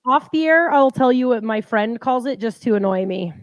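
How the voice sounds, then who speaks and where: Chatty high-voiced woman, dry sound. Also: lively intonation, normal speed, no echo. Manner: chatty, teasing, laughs often. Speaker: co-host. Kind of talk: casual live-stream chat.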